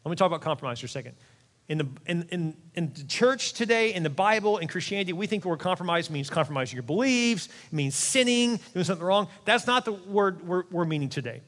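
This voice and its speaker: A middle-aged man, a pastor, preaching an animated, conversational sermon with quick asides in a large church auditorium. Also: sits high. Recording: long hall reverb.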